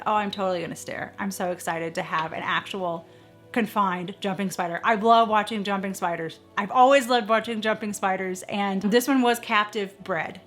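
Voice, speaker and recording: A middle-aged woman chatting casually at home in a vlog, excitable and gushing, often squealing. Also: medium pitch. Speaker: vlogger. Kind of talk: casual chat.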